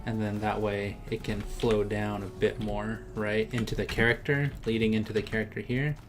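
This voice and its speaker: A man's voice: lowish voice, flat delivery, normal speed, over music. A man chatting casually on a live stream as he draws, talking through his work and laughing often. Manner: chatty, laughs often, reads chat aloud. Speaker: artist streaming his drawing. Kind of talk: casual live-stream chat while drawing.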